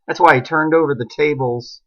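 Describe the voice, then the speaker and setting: A man's voice: a little high, fairly even intonation, fairly quick. A middle-aged man giving an impassioned solo monologue, ranting emphatically and firing off rhetorical questions. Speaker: online commentator. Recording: dull lo-fi recording.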